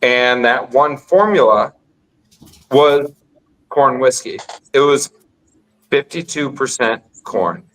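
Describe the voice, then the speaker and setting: A man's voice: medium pitch, expressive, takes it slowly, long pauses, a bit bright, rough recording. A man in casual podcast chat, rambling and insistent, repeating himself as he explains. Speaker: guest on call-in podcast.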